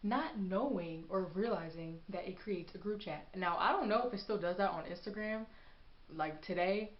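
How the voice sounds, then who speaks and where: A young woman telling a personal story in a casual vlog, animated and sassy as she acts out what people said. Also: mid-range voice, moderate pace. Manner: animated, acts out quotes with sass. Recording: echoey room, dull lo-fi sound.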